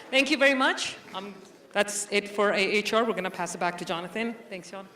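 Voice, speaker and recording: A woman's voice: mid-range voice, normal speed, pushed and bright, a little hiss or hum. A woman from human resources giving an upbeat, welcoming speech at a company event. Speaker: HR presenter.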